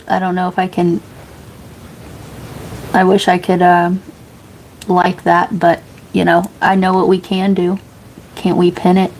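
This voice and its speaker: A woman's voice: lowish voice, darkish tone, poor audio. American lady chatting on a tarot stream, rambly, laughs a lot, faint hum behind her. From United States. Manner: rambling, laughs often, swears casually, reads chat aloud. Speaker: tarot reader and livestream host. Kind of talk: casual livestream chat.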